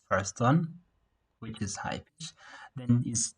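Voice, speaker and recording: A man teaching a beginner Mandarin class over a video call, saying words slowly for learners to repeat. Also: medium pitch, animated, husky, rough recording. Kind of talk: online language lesson.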